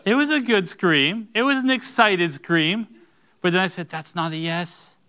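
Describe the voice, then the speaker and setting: Pastor, male, preaching in church; crisp, bright voice, earnest and emphatic. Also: sits high, measured pace. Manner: earnest, rising to emphatic bursts. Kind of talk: sermon.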